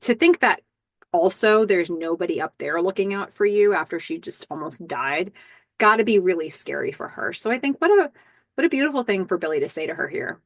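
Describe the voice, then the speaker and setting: A woman's voice: mid-range voice, no echo, clean studio sound. A woman hosting a casual recap podcast, chattily walking through scenes step by step with the odd filler. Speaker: podcast host.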